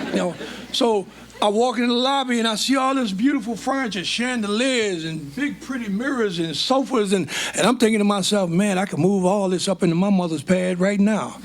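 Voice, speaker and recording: An older man, telling stories from his life as a guest speaker on stage. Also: sits high. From United States. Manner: animated storytelling, plays out quoted dialogue. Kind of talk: storytelling on stage.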